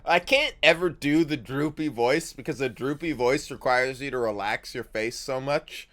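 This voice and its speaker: A man's voice: medium pitch, normal speed, fairly bright tone. A young man livestreaming a game, joking profanely and laughing often. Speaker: streamer. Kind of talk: casual gaming livestream chat.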